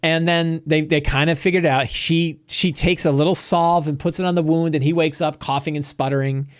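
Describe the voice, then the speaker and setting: A man, the game master, recapping a tabletop game session in a rambling, animated storytelling way. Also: a little high, fairly quick, smooth, no room sound, studio quality. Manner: rambling, animated storytelling with quoted character lines.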